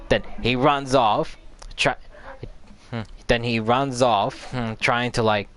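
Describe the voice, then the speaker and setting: A man's voice: mid-range voice, fairly even intonation, takes it slowly, a bit bright, slight background noise. A man host casually recapping a video game story, rambling and repeating filler words as he recalls events. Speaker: gaming channel host.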